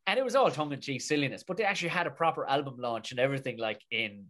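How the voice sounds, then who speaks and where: A mid-pitched man from Tipperary speaks with a broad Irish accent in a relaxed interview. He tells his story loosely, swearing often and circling back over half-finished phrases with lively energy. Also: rapid-fire. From Tipperary, Ireland. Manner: swears freely, rambling with restarts, animated. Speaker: guest, comedic actor.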